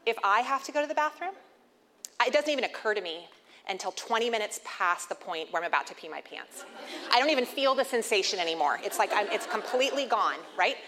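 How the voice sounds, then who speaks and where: In her thirties, a woman gives a humorous inspirational talk to an audience, sharing candid, self-deprecating stories. Her medium-pitched voice is animated, pushed and bright, and a little fast. The recording carries long hall reverb and faint noise.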